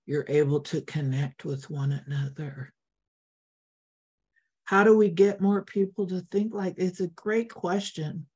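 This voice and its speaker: Older woman, guest speaker to an online meditation group. Slow, low, heartfelt and encouraging, repeats phrases. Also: a little mellow, husky. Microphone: video call.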